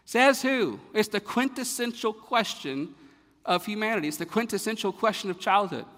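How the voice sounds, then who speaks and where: A pastor preaching a sermon, building to emphatic rhetorical questions and then dropping to a quiet, low delivery. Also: male voice, brisk. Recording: long hall reverb.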